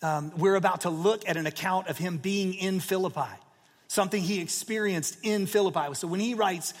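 A man in his forties delivers a sermon in a loose, storytelling style, leaning on "you know" and "like." His voice sits fairly high for a man. The sound carries a long reverb, as in a large hall. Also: brisk. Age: 40s. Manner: storytelling, conversational with many fillers. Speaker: pastor.

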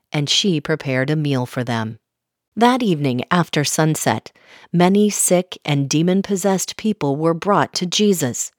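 Low-voiced woman reading scripture. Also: no room sound, clean studio sound. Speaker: Bible reader.

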